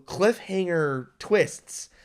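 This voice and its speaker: Young male co-host, excitable film talk, acts out lines, a touch high. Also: drawn-out words, clean tone. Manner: excitable, acts out imagined dialogue, many restarts. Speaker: podcast co-host. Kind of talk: casual film review chat.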